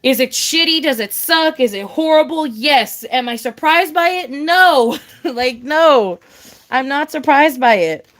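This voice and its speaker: Woman vlogger, slightly high voice, casual profane rant, repetitive and emphatic. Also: animated, measured pace, fairly bright tone. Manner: profane, emphatic, repeats herself, calls listener babe.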